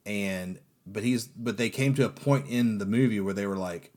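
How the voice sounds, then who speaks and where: A man's voice: lowish voice, normal speed. A man chatting casually on a podcast, telling stories with lots of fillers and acting out quotes in playful voices. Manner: animated storytelling, acts out quotes. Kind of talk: casual chat.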